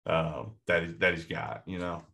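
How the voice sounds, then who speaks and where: A man co-hosting a movie podcast in casual chat, excitable and rambling with frequent restarts. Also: low voice, moderate pace, vocal fry. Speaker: podcast co-host.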